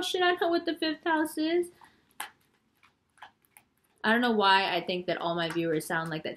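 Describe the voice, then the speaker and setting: Woman tarot reader, casual and chatty, teasing tone, middle-pitched voice, loose rambling delivery. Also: a bit bright. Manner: chatty and rambling, heavy use of "like"; playful, teasing. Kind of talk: casual astrology reading.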